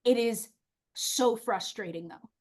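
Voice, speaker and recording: High-voiced, animated, outspoken woman. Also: slow. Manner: animated, outspoken, playful swearing and put-on quoted voices; laughs often. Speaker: guest. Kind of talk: casual podcast chat.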